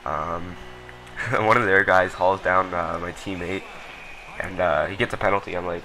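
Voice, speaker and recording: A man's voice: low-pitched, steady tone, fairly quick, noisy background. A young man casually commenting over a recorded hockey match, rambling with lots of ums and blunt, profane remarks. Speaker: gameplay commentator.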